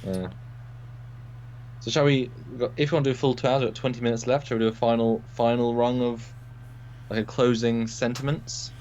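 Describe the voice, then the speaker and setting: Male co-host, casual rambling chatter, mid pitch, slightly lo-fi desk mic with faint hum. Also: fairly even intonation, a little fast, a little mellow. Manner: rambling, chatty, restarts often. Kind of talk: casual livestream chat. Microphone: desk mic at computer.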